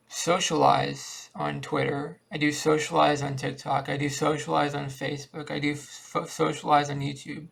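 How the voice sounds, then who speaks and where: A man's voice: on the high side, gravelly, fairly bright tone, husky. A man rambling in a downbeat, repetitive confessional monologue to a cheap webcam at home. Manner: downbeat, repetitive, thinking aloud. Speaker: vlogger.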